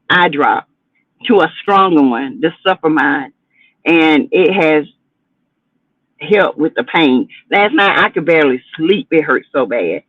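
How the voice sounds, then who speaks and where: A woman's voice: sits low, no echo. A sassy woman chats through reality-show gossip on her livestream. Her delivery is chatty and dramatic. The sound is tinny and phone-like, with a dry, close feel. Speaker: livestream host. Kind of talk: casual gossip commentary livestream.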